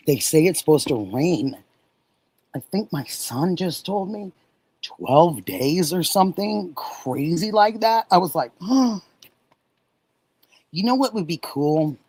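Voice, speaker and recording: A middle-aged woman from Oregon hosting a casual livestream, warmly thanking viewers and answering chat messages. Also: on the low side, animated, a little slow, a little hiss or hum, poor audio. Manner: warm, gushing, reads and answers chat messages. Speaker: livestream host.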